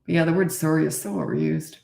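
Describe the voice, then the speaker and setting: A woman's voice: low voice, very animated, fast, creaky, a little mellow. A middle-aged woman who is a parenting coach, giving blunt, confident advice on a casual live stream. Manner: blunt, confident, acts out quoted dialogue. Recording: echoey room.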